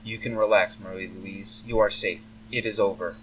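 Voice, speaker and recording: A man voicing a cold, aristocratic elf father who speaks in a formal, measured, icy way. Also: fairly low pitch, fairly even intonation, a bit bright, slight background noise, close to an everyday voice. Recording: faint humming, slightly distant mic.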